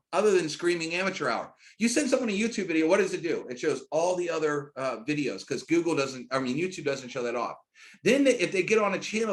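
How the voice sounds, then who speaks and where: A middle-aged man giving a screen-share sales training, hyped and emphatic, talking in rapid runs that jump into loud, high bursts. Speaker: network marketing trainer.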